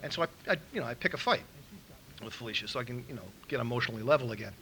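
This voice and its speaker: Bright, lively man telling his story at a meeting, acting out voices, faint room hiss behind. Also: mid-range voice, very fast, rough recording. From Los Angeles. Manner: animated storyteller acting out quotes, laughing. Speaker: recovery meeting speaker. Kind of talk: storytelling talk.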